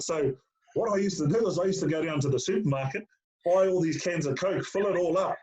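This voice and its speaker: A man's voice: a little high, fairly quick, a little mellow. A middle-aged man, a former player as interview guest, telling stories in casual chat, full of fillers and calling the host mate. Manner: storytelling with lots of fillers, calls the host mate. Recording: lo-fi dull sound.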